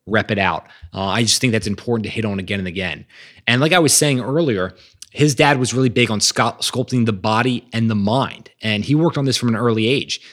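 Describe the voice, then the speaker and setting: A man's voice: medium pitch, fairly bright tone. A man hosting a podcast, talking with energy and emphasis about growth mindset and reading quotes aloud. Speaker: podcast host. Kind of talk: motivational monologue.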